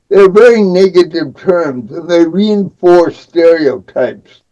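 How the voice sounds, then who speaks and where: Slow, deliberate older Midwestern man. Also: on the high side, expressive, warm tone, highs cut off. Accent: Midwestern American. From American Midwest. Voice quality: speech shaped by cerebral palsy. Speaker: guest, disability advocate. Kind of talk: podcast interview.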